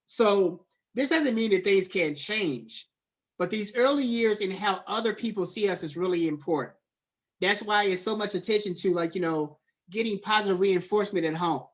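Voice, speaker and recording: A man's voice: sits high, normal speed. Casual, chatty male lecturer. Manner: casual, loose and conversational, checks in with students by name, many fillers. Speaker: college lecturer. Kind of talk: online lecture to a class.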